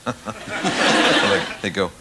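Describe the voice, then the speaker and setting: A man's voice: fairly low pitch, big pitch swings, drawn-out words, very noisy. A comedian in his thirties, telling a self-deprecating story on a chat show and stammering as he starts sentences. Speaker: comedian guest. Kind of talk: anecdotal chat show talk.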